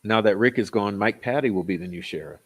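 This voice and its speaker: A man's voice: on the low side, quick pace, a bit bright. A man hosting a commentary channel, ranting in a blunt, sarcastic, profane way.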